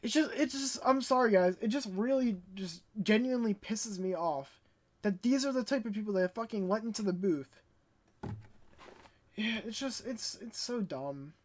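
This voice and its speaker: A young woman vlogging in a casual, animated storytelling way, stuttering when she gets worked up. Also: mid-range voice, moderate pace. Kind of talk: casual ranting vlog.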